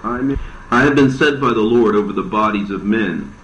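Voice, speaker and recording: Solemn archangel messenger, a man reading, low and measured. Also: a bit bright, slight background noise, close to an everyday voice. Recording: roomy dull lo-fi recording.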